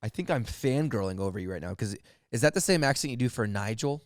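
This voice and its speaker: A man's voice: mid-range voice, expressive, quick pace, no room sound, studio quality. A man in his twenties co-hosting a comedy podcast, chatty and enthusiastic. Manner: enthusiastic, chatty, laughs easily. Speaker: podcast co-host. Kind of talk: casual chat.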